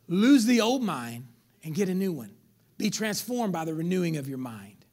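A middle-aged man preaching a sermon as pastor. He swings between loud calls to the congregation and near whispers, and uses casual street slang. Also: high voice, sing-song, moderate pace, long pauses.

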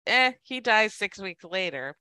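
A woman co-hosting a podcast, recapping a movie in casual chat at an unhurried pace. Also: mid-range voice, animated, sharp tone, smooth, no room sound. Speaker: podcast co-host.

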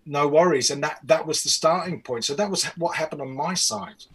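A man from New Zealand with a New Zealand accent, telling a story in a relaxed, rambling way in an interview. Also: fairly high pitch, fairly quick, breathy edge, low-quality recording. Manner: relaxed, rambling with many restarts. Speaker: music producer guest.

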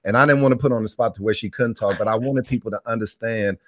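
A man's voice: fairly low pitch, fast talker, fairly bright tone, slight background noise. A pastor preaching on a live church broadcast, exhorting his people and repeating phrases as he calls out to the room.

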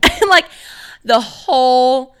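Bright, smooth-voiced young woman chatting. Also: sits high, huge pitch swings, takes it slowly. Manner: chatty, filler-heavy, swearing, giggly storytelling. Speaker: podcast host. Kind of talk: casual solo podcast chat.

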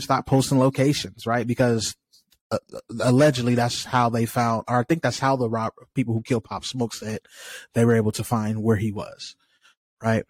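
A man's voice: medium pitch, dry recording. A man from California co-hosting a podcast, talking in a frustrated, conversational way and laughing often. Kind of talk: casual chat.

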